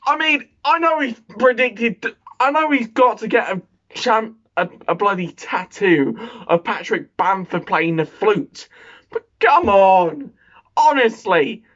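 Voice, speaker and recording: Sweary young lad, lo-fi audio. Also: male voice, high voice, a bit bright. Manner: rambling, sweary, self-mocking banter. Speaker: football vlogger. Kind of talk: casual reaction vlog. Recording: dull lo-fi sound.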